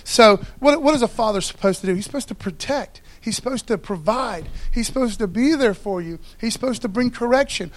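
A man's voice: sits high, animated, brisk, few pauses. A man preaching a sermon in a loose, conversational way, often checking in with the congregation. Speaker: pastor.

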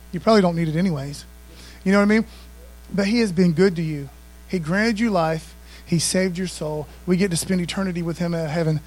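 A man's voice: high voice, poor audio. A man preaching a sermon in a conversational style, often calling out to the congregation for responses. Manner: conversational preaching, frequent call-outs to the congregation. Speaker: pastor.

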